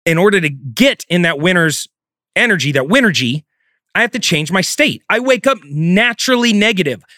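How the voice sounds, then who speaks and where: A man's voice: sits high, expressive, normal speed, pushed and bright, dry recording, clean studio sound. A man giving a profane, emphatic motivational talk as a real estate coach. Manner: intense, profane, emphatic delivery.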